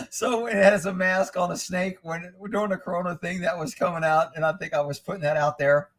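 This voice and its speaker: A man's voice: sits high, fairly even intonation, brisk, fairly bright tone. A middle-aged man hosting a casual livestream, talking loosely and irreverently and chuckling often. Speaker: livestream host.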